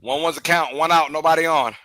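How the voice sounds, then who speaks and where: A man hosting a live baseball watch-along, giving casual play-by-play commentary that is chatty and excitable, with loud outbursts and laughter. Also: fairly quick, dry recording, low-quality recording. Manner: chatty, drifts into side talk between pitches. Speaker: host of a live game watch-along stream.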